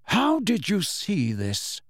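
A calm elderly wizard headmaster, as a man puts him on, speaking slowly and gravely in a slightly raised voice. The sound is dry and close, like a storybook reading. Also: high voice, no echo, voice pushed up, full character voice. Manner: measured, quiet, grave.

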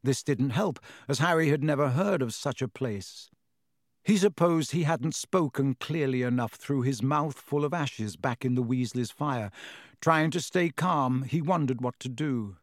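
A man narrates a storybook in a measured, steady way. His voice sits at a middle pitch. The recording is dry and close. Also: dry recording. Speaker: audiobook narrator. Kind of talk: scripted narration.

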